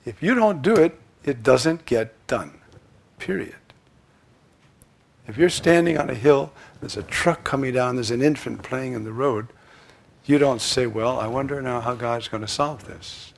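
A man preaching a sermon, swinging from loud, emphatic lines to hushed asides. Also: mid-range voice, unhurried, vocal fry.

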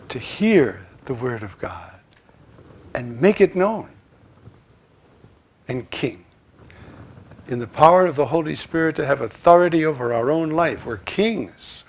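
A man preaching a sermon, swinging from loud, emphatic lines to hushed asides. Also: mid-range voice, vocal fry, breathy edge.

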